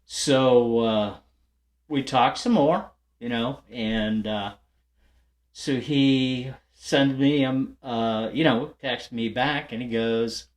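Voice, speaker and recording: A man's voice: medium pitch, slow pace. Older man telling a rambling story. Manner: rambling, chatty, lots of fillers and restarts; laughs lightly while telling a story. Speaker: guitar channel host. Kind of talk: casual storytelling to viewers.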